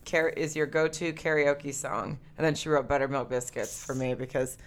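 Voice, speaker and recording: Woman podcast co-host, low voice, casual and profane. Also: flat delivery, normal speed. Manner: casual, swears freely, reads listener questions.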